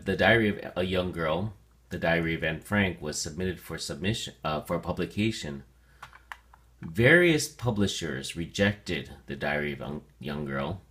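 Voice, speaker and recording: A man with a very low voice teaches a word of the day. He sounds words out slowly and deliberately, filling pauses with frequent ums and okays. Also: fairly bright tone. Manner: slow, deliberate enunciation with fillers. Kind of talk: vocabulary lesson to students.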